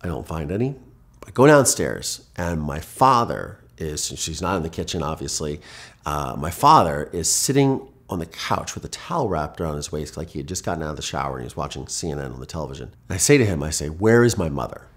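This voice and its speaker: A man from Ohio recounts a personal story in earnest, vivid detail. His voice sits deep and low. He often restarts phrases as he talks. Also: sing-song, a little fast. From Ohio, USA. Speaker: guest.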